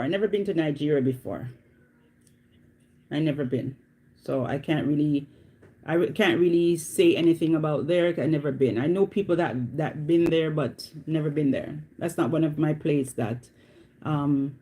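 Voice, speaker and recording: A woman's voice: deep voice, normal speed, dark tone, husky. A woman chatting casually to camera as a vlogger, repeating herself and often checking in with the listener. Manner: chatty, repeats herself, often asks "you know what I mean".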